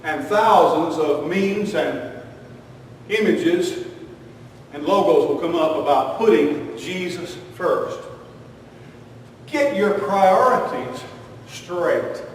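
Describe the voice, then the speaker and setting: A man's voice: on the high side, expressive, takes it slowly, long pauses, a little hiss or hum. A man preaching a folksy, joking sermon full of homespun sayings. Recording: echoey hall, distant mic.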